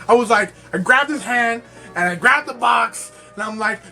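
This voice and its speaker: Excitable young man telling a story. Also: high-pitched, normal speed, vocal fry, faint music behind. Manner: rambling and excitable, laughs often. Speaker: toy collector reviewer. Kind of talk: casual vlog storytelling.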